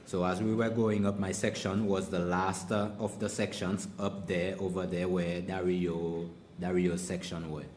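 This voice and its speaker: Deep, flat-voiced male interpreter. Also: unhurried, hardly any pauses, a little hiss or hum. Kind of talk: consecutive interpreting.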